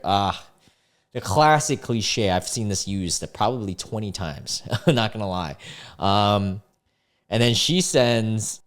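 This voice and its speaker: A young adult man hosting a casual reaction video about dating chats. He is incredulous and rambling, with animated reactions. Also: fairly low pitch, measured pace. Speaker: host reading online dating chats.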